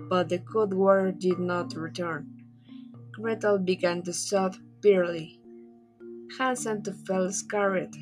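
A woman with Spanish as her first language reads a fairy tale aloud at a slow, careful pace. A faint guitar plays under her voice. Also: mid-range voice. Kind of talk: reading a story aloud.

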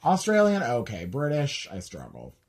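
A man's voice: medium pitch, wildly swooping pitch, moderate pace, a little mellow, husky. An American man co-hosting a podcast, chatting casually and rambling with lots of "like" and restarts. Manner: rambling, full of "like" and trailing restarts. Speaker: podcast co-host. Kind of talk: casual chat.

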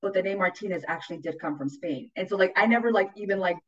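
A woman telling stories in casual podcast chat, animated, often acting out the voices of others and swearing freely. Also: fairly low pitch, fast, highs cut off. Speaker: podcast host.

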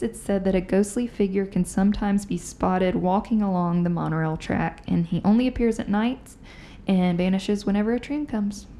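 A woman hosting a podcast, telling ghost stories in a chatty, casual way. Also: medium pitch. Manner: chatty, animated storyteller. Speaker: podcast host. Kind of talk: casual chat, storytelling.

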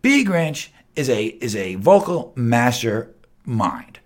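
A man hosting his own podcast, ranting heatedly with lots of swearing, jumping between loud outbursts and low mutters. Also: sing-song, takes it slowly. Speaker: podcast host. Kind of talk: unscripted solo rant.

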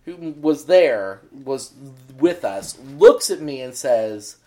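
A man co-hosting a casual podcast chat, telling stories in an animated way and acting out characters' lines. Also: mid-range voice, slow pace. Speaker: podcast co-host.

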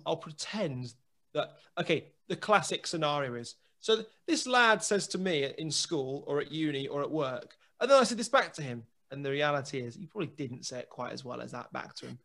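A man, a guest telling a lively anecdote in casual chat, full of restarts and acted dialogue. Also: a little high, brisk. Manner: lively storyteller, many restarts and quoted dialogue.

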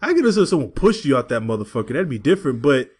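A man co-hosting a podcast in casual, profane, animated banter. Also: mid-range voice, racing, slightly rough. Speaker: podcast co-host.

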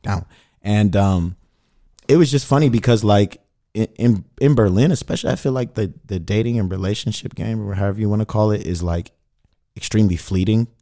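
A man's voice: fairly low pitch, brisk, dark tone. A man chatting as a guest on a radio show, playful and laid-back, full of slang and jokes. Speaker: musician guest. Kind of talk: casual radio interview chat. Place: radio studio.

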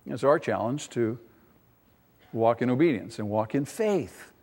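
A man's voice: mid-range voice, animated, a little slow, a little mellow, breathy edge, in a large hall. A man preaching a teaching sermon, asking the congregation questions and rising in emphasis. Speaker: pastor.

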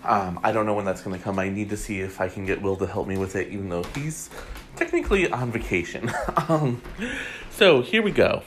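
A man's voice: lowish voice, lively intonation, fairly quick, noisy background. A man hosting a casual gossip podcast, talking in a chatty way with frequent ums and reading items aloud. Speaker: podcast host.

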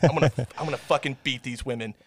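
A man's voice: mid-range voice, quick pace, slightly rough, no echo. A man hosting a casual podcast with friends, telling stories with lots of swearing and repeated stammers. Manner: rambling, profane, stammers and does silly voices. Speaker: podcast host. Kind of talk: casual chat.

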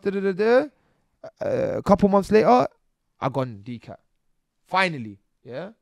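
A man, a podcast guest telling his stories in casual street slang, often tagging lines with "bro" and "yeah" and getting animated. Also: mid-range voice, dry recording. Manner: animated, rising when excited. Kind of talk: casual interview storytelling.

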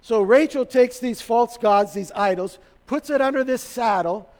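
A male pastor with a notably high voice preaches to his congregation. He tells the story casually and with humor, and his voice carries a long hall reverb. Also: unhurried, a little mellow. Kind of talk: sermon.

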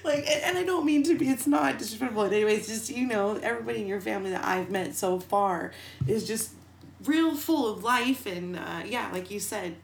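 A woman hosting a podcast interview in casual chat, loud, quick to laugh and swearing freely. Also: medium pitch, gravelly. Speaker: podcast host. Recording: echoey room with faint background noise.

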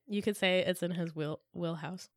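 A woman's voice: lowish voice, steady tone, moderate pace, dry recording. A woman co-hosting a podcast, chiming in with short remarks and laughing along. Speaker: podcast co-host. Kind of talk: casual podcast chat.

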